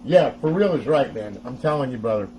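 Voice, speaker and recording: A man's voice: mid-range voice, expressive, brisk, a little mellow, rough recording. A middle-aged man hosting a casual step-by-step tech tutorial, chatty and often laughing as he talks to viewers.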